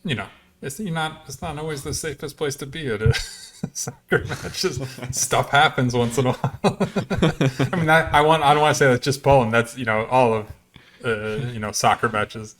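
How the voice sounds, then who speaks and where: A man's voice: medium pitch, moderate pace, a bit bright. Chatty man co-hosting a podcast. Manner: chatty, laughs often, frequent restarts. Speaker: podcast co-host. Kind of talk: casual podcast chat.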